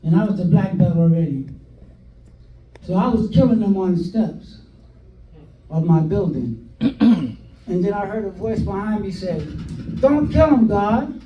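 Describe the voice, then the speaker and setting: An older man telling stories from his past in a documentary interview, animated, acting out what people said, with hesitant fillers. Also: high voice, measured pace, pauses often, muffled recording. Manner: animated, acts out quoted dialogue with hesitant fillers. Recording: roomy sound from a distant mic, faint noise.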